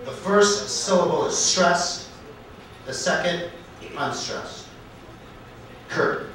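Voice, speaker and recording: A man at an open mic night in a comedy club, telling a story in a halting, deliberate way and correcting himself as he goes. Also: high-pitched, a bit bright, slight background noise. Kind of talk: storytelling stand-up set. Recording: echoey club recorded from far off.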